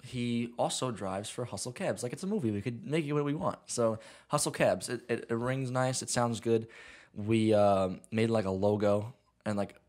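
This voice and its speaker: A man's voice: mid-range voice, moderate pace, a little mellow. A young man in casual chat, telling a rambling story about making a short film, full of "like" and "long story short". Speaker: filmmaker guest.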